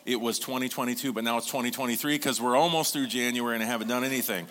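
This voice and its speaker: A man's voice: mid-range voice, racing, few pauses. A man preaching as pastor, telling stories and calling on his congregation to respond. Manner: lively storytelling with congregation call-and-response. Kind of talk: sermon.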